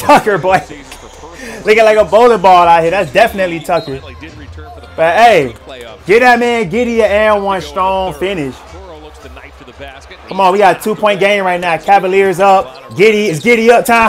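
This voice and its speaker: Slangy young man hyping basketball highlights. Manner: hype slang-heavy play-by-play, stammers and repeats, laughs often. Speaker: sports reaction host. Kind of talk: casual highlight reaction commentary.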